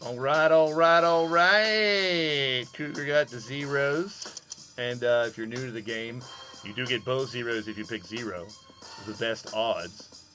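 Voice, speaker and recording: A man's voice: mid-range voice, measured pace, fairly bright tone, soft background music. A man hosting a live stream of simulated wrestling, chatting with viewers in a loose, profane, playful way. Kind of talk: casual live-stream commentary.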